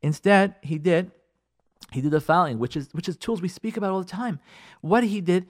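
A male radio host tells a story on air in a high, slightly fast voice. He rambles conversationally with frequent fillers and restarts, animatedly acting out the dialogue of the people involved.

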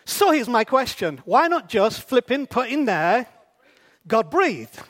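A man with a strikingly high-pitched voice gives a sermon. He keeps it conversational and often stops to ask the congregation rhetorical questions. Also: big pitch swings, takes it slowly, fairly bright tone. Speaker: preacher.

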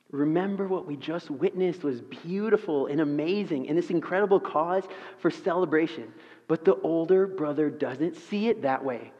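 A man preaching a sermon to a congregation, lively and acting out the characters in the story he reads. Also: on the high side, normal speed. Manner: animated, acts out the story's characters. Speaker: pastor. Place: church auditorium. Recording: muffled sound with a long hall reverb.

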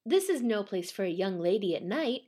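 A woman's voice: sing-song, moderate pace, a little mellow, breathy edge. A woman voicing a kind man in an old ghost tale, speaking in an earnest, pleading way. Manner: earnest, pleading, high and strained. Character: kind Japanese man, pleading then terrified.

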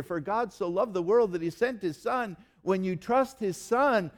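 A male pastor preaching a sermon in earnest, slowing down and dropping almost to a hush to stress key words. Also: high voice. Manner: earnest preaching, slows and drops to near-quiet for emphasis.

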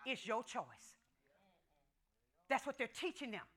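A woman's voice: fairly high pitch, big pitch swings, takes it slowly, long pauses, pushed and bright. An older woman, preaching and telling a story in an emphatic, dialect-rich way that rises into fervor. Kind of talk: testimony-style sermon storytelling.

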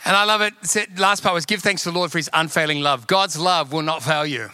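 A man's voice: a little high, fairly quick, sharp tone, some chatter behind, a little hiss or hum. A man, a pastor preaching a sermon with emphatic, repetitive exhortation.

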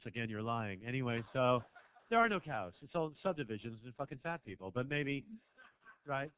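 A man doing a stand-up set in a small club, teasing the crowd, swinging between low mutters and loud shouts. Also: clear, resonant tone. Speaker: stand-up comedian. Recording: dry, tinny phone-like sound.

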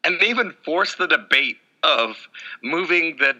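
A man co-hosting a casual sports podcast, excitable and loose, swearing and hedging with fillers. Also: fairly high pitch, measured pace, rough recording. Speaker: podcast co-host.

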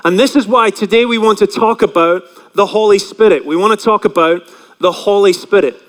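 A man's voice: high-pitched, a little fast, fairly bright tone, big-room sound. A male pastor preaching a chatty sermon, often asking the congregation questions.

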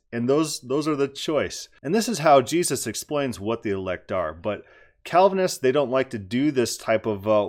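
A man giving critical commentary on a debate clip, emphatic and argumentative, repeating words for stress. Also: medium pitch.

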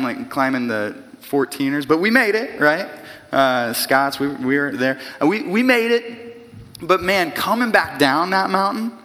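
A man in his early forties preaching a sermon in a conversational, animated way with casual asides. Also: a little high. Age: 40s. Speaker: pastor. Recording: long hall reverb.

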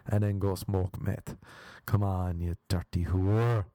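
A man's voice: low voice, level tone, measured pace, few pauses, mellow, no room sound. A young Irish man doing a crude, rambling comic monologue, laughing at his own stories and slipping into mock voices. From Ireland. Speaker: comedian.

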